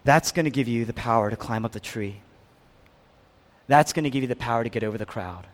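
A male pastor with a mid-range voice preaches fairly quickly. He alternates between booming, emphatic build-ups and hushed, whispery stretches, asking the congregation question after question.

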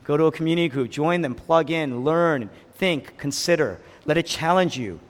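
A man preaching a sermon with passion, rising to loud peaks and dropping to hushed lows. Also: moderate pace. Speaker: pastor. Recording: long hall reverb.

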